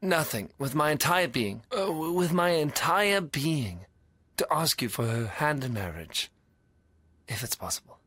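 An actor playing a smooth-talking male con man posing as a doctor, flattering and pleading in a dubbed drama. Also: on the high side, a little slow, full character voice.

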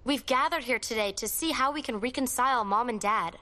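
A take-charge eldest sister, voiced by an actress, firm and insistent as she gathers her siblings. Her voice sits high and rings bright. Dubbed drama dialogue. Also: brisk. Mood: urgent. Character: bossy worried young woman, eldest sister. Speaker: eldest sister calling a family meeting.

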